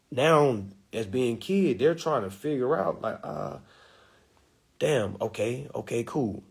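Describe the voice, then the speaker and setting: Animated husky man preaching casually. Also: mid-range voice, slow. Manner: preachy, animated, acts out quotes. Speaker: spiritual teacher. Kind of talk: casual livestream talk.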